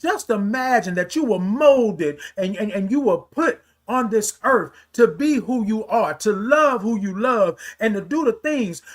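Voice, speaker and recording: A man's voice: sits high, fairly bright tone. A man hosting a morning livestream, greeting viewers by name and giving them a heartfelt motivational talk. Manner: preachy, talks straight to viewers, greets commenters. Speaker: livestream host.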